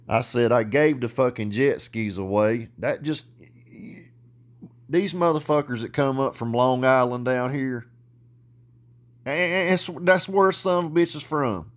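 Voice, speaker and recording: A man's voice: mid-range voice, unhurried. Profane Southern man ranting. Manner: profane, boastful, gets loud and worked up. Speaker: vlogger. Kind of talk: ranting vlog monologue.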